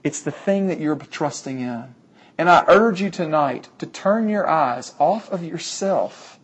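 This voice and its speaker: Earnest preacher with a slightly high voice. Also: male voice, expressive, a little slow, slightly rough. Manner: earnest, emphatic, repeats key phrases. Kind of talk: sermon.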